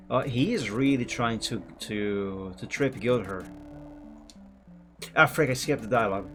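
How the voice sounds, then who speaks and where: A man streaming a game and chatting casually, relaxed and rambling. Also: lowish voice, moderate pace, faint music behind. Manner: relaxed, rambling, self-correcting. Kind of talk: casual gameplay commentary.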